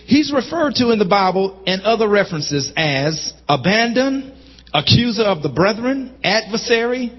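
A man preaching a sermon as pastor, calling out to the congregation and rising into shouts. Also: high-pitched, sing-song, normal speed. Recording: muffled sound with long hall reverb.

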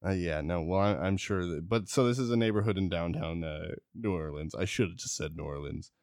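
A man's voice: low-pitched, fairly quick, darkish tone, no room sound, studio quality. A man hosting a casual podcast, rambling and joking as he tells a history, stumbling over names. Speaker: podcast host. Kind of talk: casual chat.

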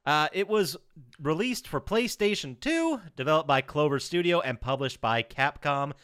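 A man hosting a casual podcast chat, leading the segments and reading out trivia in an animated way. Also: fairly high pitch, normal speed, clear, resonant tone, dry recording, studio quality. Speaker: podcast host.

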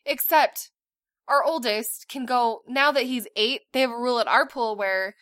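A woman in her thirties co-hosting a podcast in casual chat, telling animated stories and laughing often. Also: fairly high pitch, moderate pace, no echo, clean studio sound. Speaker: podcast co-host.

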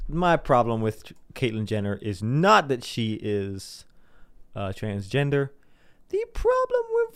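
A man's voice: mid-range voice, gravelly, dry recording. A young man giving a casual, sarcastic commentary monologue, rambling and mocking people in put-on voices.

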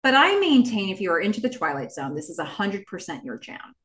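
A woman puts on a blunt, exasperated older woman reading her own fed-up letter aloud. The delivery swings wildly in pitch and breaks into loud shouts. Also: very animated, a little fast. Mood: indignant. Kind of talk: dramatic email reading.

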